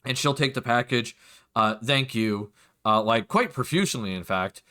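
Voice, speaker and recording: A man's voice: mid-range voice, moderate pace, bright, forceful tone. A man narrating casually as game master of a tabletop game, with many fillers.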